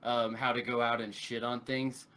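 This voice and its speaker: A man's voice: medium pitch, flat delivery, normal speed, very noisy. A man chatting casually as an interview guest, loose and swearing freely. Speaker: interview guest, show co-creator. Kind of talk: casual chat.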